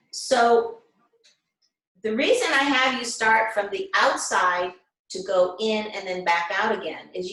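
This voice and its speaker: A woman leads an online class over a video call, explaining each step gently and checking in with her students. Her voice sits at an ordinary middle pitch. The room around her adds a clear echo. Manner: gentle, guiding explanations with frequent check-ins. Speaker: class instructor.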